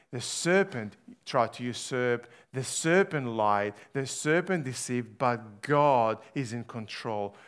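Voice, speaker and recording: A man preaching a sermon, slow and emphatic, swinging between loud rhetorical questions and hushed, low passages. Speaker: pastor.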